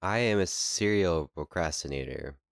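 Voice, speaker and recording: A man's voice: low voice, normal speed, no echo, clean studio sound. A man co-hosting a podcast, chatting in an easygoing, agreeable way. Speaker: podcast co-host. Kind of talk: casual chat.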